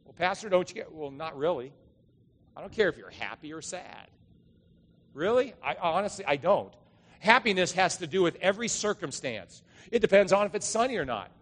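A man's voice: high-pitched, sing-song, normal speed, a bit bright, big-room sound. A man, a pastor giving a conversational, storytelling sermon to his congregation. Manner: conversational, storytelling, emphatic rises. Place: church.

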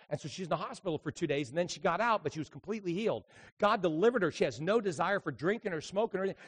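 Animated preacher man telling stories. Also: sits high, breathy edge. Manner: animated storyteller, swings between quiet asides and loud emphatic bursts. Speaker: evangelist preacher. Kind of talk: sermon with storytelling.

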